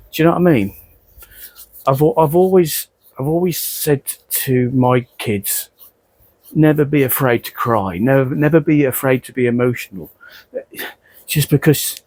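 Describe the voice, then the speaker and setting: A middle-aged man speaks straight to his viewers in an earnest, heartfelt way, restarting phrases and stumbling as he goes. His voice sits at an ordinary middle pitch. The sound is close and dry. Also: a little mellow, no echo. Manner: earnest, repeats himself, stumbles over words. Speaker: model railway vlogger. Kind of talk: emotional casual talk to camera.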